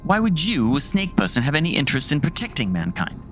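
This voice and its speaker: A man voicing a formal male investigator who speaks in a measured, stern way. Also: fairly high pitch, wildly swooping pitch, a bit bright, faint music behind.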